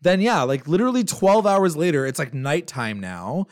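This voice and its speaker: A man's voice: on the high side, big pitch swings, normal speed, a little hiss or hum. A man co-hosting a podcast, recapping a TV episode in casual chat, rambling with lots of fillers and swearing. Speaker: podcast co-host.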